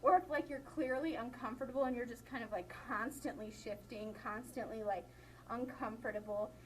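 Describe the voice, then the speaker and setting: A woman's voice: a little high, steady tone, normal speed, slight background noise, low-quality recording. A young woman teaching a college class in a classroom, chatty and laughing often, with many "like" fillers. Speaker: college instructor. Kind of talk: classroom lecture.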